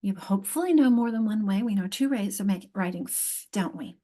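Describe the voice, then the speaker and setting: A woman's voice: mid-range voice, a little fast, hardly any pauses, warm tone. A woman presenting a teacher training session on reading and spelling, explaining step by step with frequent restarts and questions to her audience. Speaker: literacy workshop presenter.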